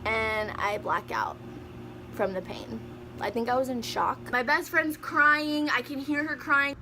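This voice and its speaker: A young woman telling a personal story in a storytime vlog, animated and often laughing. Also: a little high, a little slow, a little hiss or hum. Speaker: vlogger.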